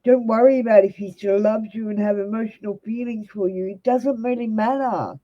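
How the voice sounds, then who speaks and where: A woman's voice: a little high, fairly even intonation, fairly quick, warm tone, highs cut off. An Australian woman giving blunt, direct tarot readings to viewers on a live stream. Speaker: tarot reader.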